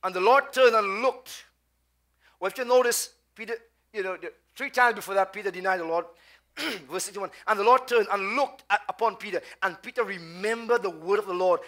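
Trinidadian male pastor, high voice, preaching style, keeps quizzing the congregation. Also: a bit bright. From Trinidad and Tobago. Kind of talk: sermon.

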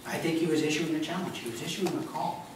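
A man's voice: fairly high pitch, fast, noisy background. Male pastor preaching in an echoey hall. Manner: animated, joking, conversational. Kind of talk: sermon. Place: church sanctuary. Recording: echoey church hall from a distance.

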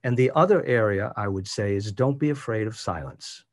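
A man leading an online workshop as a voice coach, speaking in a measured, demonstrative way and varying his pitch for emphasis. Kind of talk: instructional presentation. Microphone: video call.

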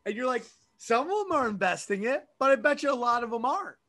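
High-voiced profane storytelling man. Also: lively intonation, quick pace, bright, forceful tone. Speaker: podcast host and stand-up comic. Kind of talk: casual podcast chat.

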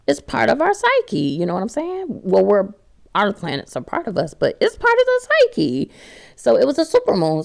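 Middle-aged woman vlogger, gravelly low-ish voice, blunt and profane, talks straight to camera. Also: darkish tone. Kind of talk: casual chat to viewers.

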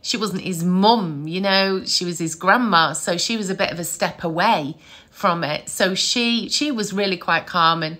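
A middle-aged woman tells stories to camera in a casual, lively way. Her voice is bright and clear. She laughs easily and keeps a warm, chatty rhythm. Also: on the low side, unhurried. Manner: chatty, animated, laughs often. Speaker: psychic medium.

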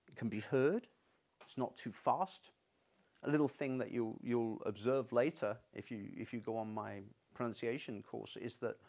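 Guy lecturing at uni, gravelly voice, chatty and loose. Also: medium pitch, darkish tone. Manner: conversational, stubborn-toned, frequent restarts. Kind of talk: university lecture. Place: university lecture room.

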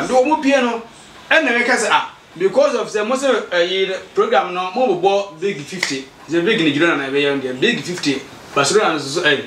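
A man's voice: high voice, a little hiss or hum. Ghanaian man telling a story in an echoey room. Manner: animated storytelling, acts out quoted exchanges. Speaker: community association member. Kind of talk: recounting events, mixing Twi and English. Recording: echoey room, mic far off.

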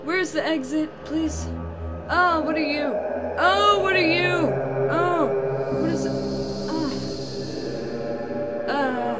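A woman's voice: sits high, animated, takes it slowly, long pauses. A woman playing a horror game and reacting aloud, jumpy and frightened, talking to what she sees. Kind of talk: let's play commentary. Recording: loud game music behind.

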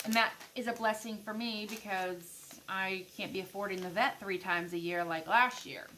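Excitable bright-voiced woman vlogger. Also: mid-range voice, moderate pace, slight background noise, low-quality recording. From United States. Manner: gushing, excitable, addresses viewers as guys. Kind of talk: casual unboxing chat.

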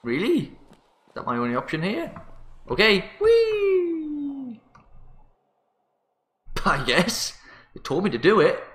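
A man's voice: on the high side, sing-song, moderate pace, a bit bright. A man hosting a let's play, panicky and self-mocking, swearing often as he plays. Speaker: gaming channel host. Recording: roomy sound with faint music.

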